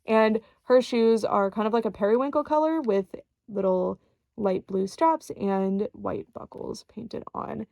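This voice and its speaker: A woman's voice: medium pitch, measured pace, vocal fry, dark tone, no room sound. A young woman reviewing collectible dolls in a chatty, enthusiastic way, with fillers and small laughs. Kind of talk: casual unboxing review.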